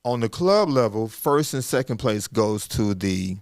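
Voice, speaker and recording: A middle-aged man from Arkansas, telling stories in a casual, animated way and acting out bits of dialogue. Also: fairly low pitch, a little slow, no room sound, clean studio sound. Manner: folksy, animated, acts out dialogue with restarts. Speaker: podcast host and guest speaker. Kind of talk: casual storytelling conversation.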